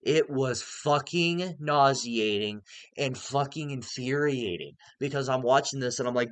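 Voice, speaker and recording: A man's voice: medium pitch, normal speed, a bit bright, clean tone, no echo. A young man giving a casual, exasperated movie review, swearing heavily as he rants. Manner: exasperated ranting, heavy swearing. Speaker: film reviewer.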